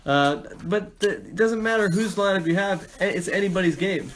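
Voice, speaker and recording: A man's voice: high voice, moderate pace, a bit bright, slight background noise, poor audio. A man hosting a casual chat, upbeat and playful with his co-host.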